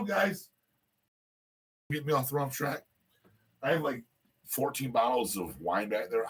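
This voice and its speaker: A man hosts a loose, rambling live show, drinking as he talks and circling back to the same catchphrase. His voice is bright and a little husky, and it swings up and down a lot. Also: mid-range voice. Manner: rambling, loose and boastful, keeps repeating a catchphrase. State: drinking while talking. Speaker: host of a live rant show. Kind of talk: casual rambling live-stream chat.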